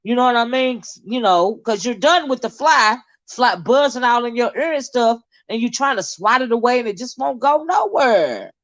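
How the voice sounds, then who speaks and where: A woman hosting a casual livestream gossip chat, reading viewer comments aloud in a chatty, laughing way with drawn-out asides. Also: on the high side, expressive. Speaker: host. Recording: dull lo-fi sound.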